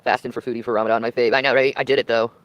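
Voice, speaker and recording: A woman's voice: very deep voice, steady tone, rapid-fire, dry recording. A woman livestreams from a tent with a dry, close sound. She talks casually with a boastful, mocking edge and chuckles between her jabs.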